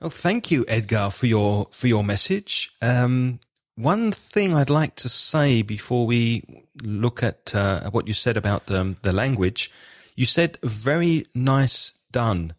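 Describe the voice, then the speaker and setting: A man's voice: mid-range voice, lively intonation, measured pace. A man co-hosting an English-learning podcast, explaining grammar in a patient teacherly way. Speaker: podcast co-host.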